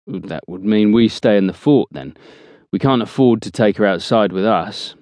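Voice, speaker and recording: A man voicing a big, calm male soldier who mutters his replies. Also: on the low side, moderate pace, no echo, close to an everyday voice.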